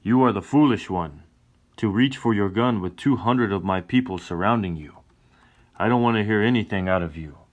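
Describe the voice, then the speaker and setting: Male reader as a proud tribal chief, stern and measured, low voice. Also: highs cut off, lightly acted. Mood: angry. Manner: commanding, stern.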